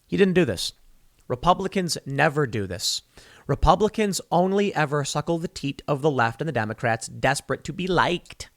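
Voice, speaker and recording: A man's voice: on the high side, normal speed, no echo, studio quality. A man hosting his own show, delivering a sarcastic political commentary monologue. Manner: animated, sarcastic, acts out quoted voices. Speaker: show host.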